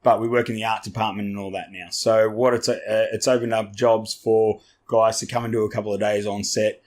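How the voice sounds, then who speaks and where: A man's voice: fairly low pitch, little pitch movement, brisk. A man with an Australian accent, a podcast guest telling stories in a loose, rambling way, swearing freely and restarting often. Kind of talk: casual storytelling chat.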